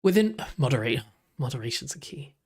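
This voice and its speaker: A man's voice: mid-range voice, big pitch swings, brisk, darkish tone, husky. A young man, chatting casually while reacting to videos, rambling with lots of "like" and restarts.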